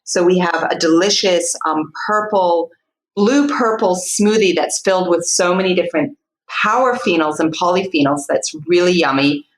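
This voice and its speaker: Woman podcast guest gushing about recipes, lowish voice, echoey room. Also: moderate pace. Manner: enthusiastic, warm praise for food. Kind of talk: casual interview talk.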